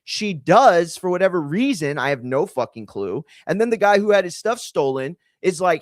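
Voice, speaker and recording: A man hosting a podcast, telling a long story in a casual, profane, animated and digressive way. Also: sits high, moderate pace, few pauses, no room sound. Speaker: podcast host.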